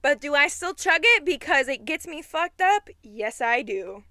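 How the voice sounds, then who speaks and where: A young woman in her twenties co-hosts a casual podcast chat, teasing and quick to react. Her high, bright voice bounces around a lot, and it sounds dry and close to the mic. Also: big pitch swings, dry recording. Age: 20s. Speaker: podcast co-host.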